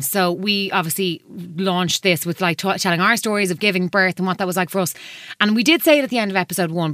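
A woman, co-hosting a podcast and chatting candidly with quick asides. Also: fairly low pitch, fairly bright tone, dry recording, clean studio sound. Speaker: podcast co-host. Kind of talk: casual chat.

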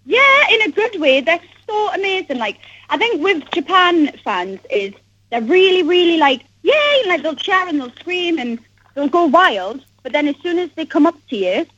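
A bubbly, giggly woman chats as a guest singer. Her voice is high and bright in pitch. The sound is dull and lo-fi, like a phone-in line. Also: sing-song, normal speed, no room sound. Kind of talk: casual interview chat.

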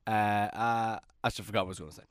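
A man in his thirties co-hosting a podcast in casual chat, jokey and quick to defend himself. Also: on the low side, steady tone, clear, resonant tone, no echo, clean studio sound. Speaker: podcast co-host.

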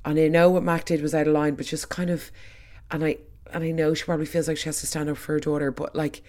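Chatty podcast host, opinionated and full of quick asides. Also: mid-range voice, little pitch movement, a little mellow. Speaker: soap recap podcast host. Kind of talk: casual chat.

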